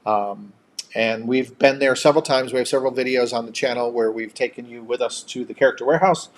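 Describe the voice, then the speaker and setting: A man's voice: medium pitch, fast talker, slight background noise. Chatty man hosting a live stream. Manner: chatty, reads out and thanks viewer comments. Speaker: co-host of a live chat. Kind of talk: casual live-stream chat.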